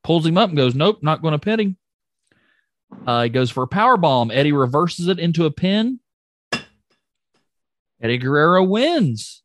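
A man co-hosting a podcast in casual chat, excitable and jokey, often trailing off and restarting. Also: a little high, moderate pace, pauses often, no room sound, studio quality. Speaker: podcast co-host recapping wrestling.

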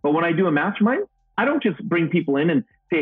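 A man's voice: a little high, very animated, quick pace, breathy edge, dry recording, faint music behind. A middle-aged man, a motivational speaker, telling stories in an upbeat, goofy interview answer. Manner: upbeat, self-described goofball, acts out quotes. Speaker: guest, motivational speaker and trainer. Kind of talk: energetic storytelling interview answer. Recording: tinny phone-like remote call audio.

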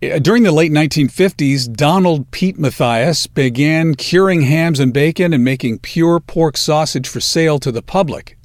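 A man hosting a podcast, talking casually and enthusiastically about food with drawn-out emphasis. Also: fairly high pitch, no echo, studio quality. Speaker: podcast host.

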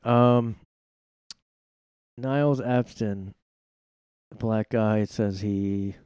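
A man's voice: lowish voice, fairly even intonation, very slow, long pauses, darkish tone, smooth, no room sound. Man, solo podcast rant, sarcastic, rambling, swears, dry close sound. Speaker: podcast host. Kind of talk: casual solo commentary rant. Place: his own room at home.

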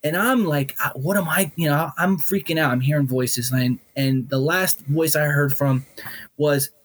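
A middle-aged man with a voice pitched a little high for a man, telling his own story as a guest. He talks bluntly and swears freely, throwing himself into the telling with animated energy. It comes across as candid and unpolished. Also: normal speed, a little hiss or hum.

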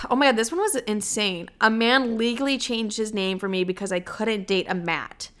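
A woman's voice: medium pitch, normal speed, fairly bright tone. A young woman hosting a podcast, telling stories in a casual, blunt, profane way and saying "like" constantly. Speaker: podcast host. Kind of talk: casual storytelling monologue.

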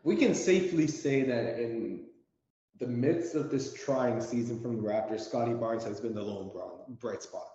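Mellow man in a very echoey room. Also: medium pitch, unhurried, slight background noise. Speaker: podcast co-host. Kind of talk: casual sports podcast chat. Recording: very echoey room, dull lo-fi sound.

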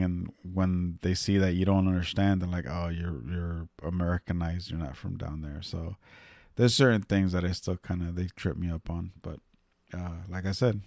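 A man's voice: deep voice, a little mellow, dry recording, studio quality. A man from Northern California telling a casual, rambling story, swearing freely and using many fillers.

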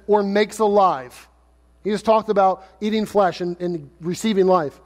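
A pastor preaches with a high, bright-edged voice, chatting with the crowd and cracking jokes between points. His words ring out in a long hall reverb. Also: normal speed. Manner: conversational, joking, rhetorical questions. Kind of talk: sermon.

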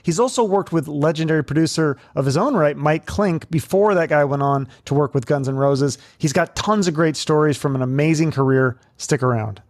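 A man hosting an interview, introducing his guest and asking questions in a brisk, conversational way. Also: on the high side, a little mellow. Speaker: podcast host. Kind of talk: casual interview.

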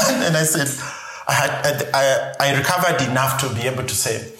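A middle-aged man from Zambia telling a personal story in an interview, animated and laughing often. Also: medium pitch, brisk, roomy sound, slight background noise. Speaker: podcast guest.

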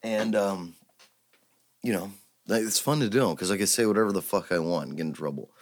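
A man's voice: sits low, brisk. A man hosting a solo podcast, ranting heatedly and swearing constantly. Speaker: podcast host.

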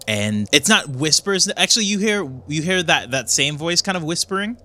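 Bright-voiced male game master. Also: on the high side, expressive. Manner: descriptive, quick narration with fillers. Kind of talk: narrating a tabletop game.

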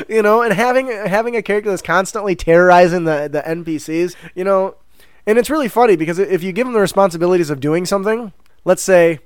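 A man with a fairly high voice co-hosting a tabletop gaming podcast, chatting casually and with energy. He slips into quick character voices and laughs easily. The sound is dry and close, recorded on a podcast microphone. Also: smooth, dry recording. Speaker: podcast co-host. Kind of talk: casual chat.

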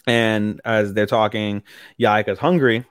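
A man's voice: on the low side, fairly even intonation, clear, resonant tone, dry recording. Man recapping anime, dry close sound. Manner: retells scenes, acting out characters' lines in quick impressions. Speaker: podcast co-host. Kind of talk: casual anime recap chat.

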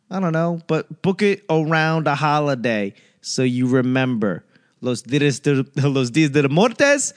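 Profane, sarcastic ranting man. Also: a little high. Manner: profane, sarcastic, mocking mimicry; rambling tangents. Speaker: solo podcast host. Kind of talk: casual ranting monologue.

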